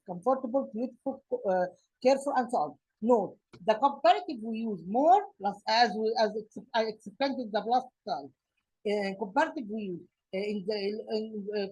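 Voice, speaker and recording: Egyptian lady teaching english grammar off slides, kinda husky, lots of uhs and restarts. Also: fairly high pitch, darkish tone, lo-fi sound. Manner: halting, many fillers and restarts. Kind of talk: slide-based grammar lesson.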